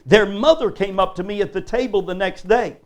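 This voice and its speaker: A man's voice: sits high, a little fast. An older man preaching a live sermon in a church, addressing the congregation with emphatic rhetorical questions. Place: church service before a congregation.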